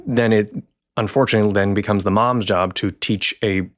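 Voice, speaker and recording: Low-voiced man speaking as a counselor. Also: fairly even intonation, brisk, dry recording, studio quality. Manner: reflective, acts out quoted voices. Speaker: podcast guest, counselor. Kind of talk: casual conversational interview.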